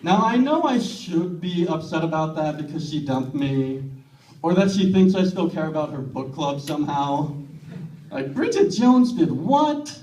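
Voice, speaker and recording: A man performing a stand-up comedy set with a deadpan, self-deprecating delivery, in a comedy club with a laughing audience. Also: fairly high pitch, measured pace, recorded from a distance. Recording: roomy club, mic heard from afar, audience laughing.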